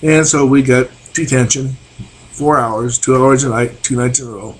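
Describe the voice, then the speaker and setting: A man's voice: mid-range voice, normal speed. An older man telling old school stories in a folksy, rambling way, chuckling now and then, on a webcam. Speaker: vlogger. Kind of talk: casual storytelling.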